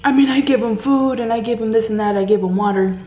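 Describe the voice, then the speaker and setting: A melodramatic woman in her fifties pleads through tears, her voice climbing high and trembling with theatrical grief, as a storytelling woman puts her on. It sounds like a roomy room with a faint hum behind. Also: fast, highs cut off, lightly acted. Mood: mournful.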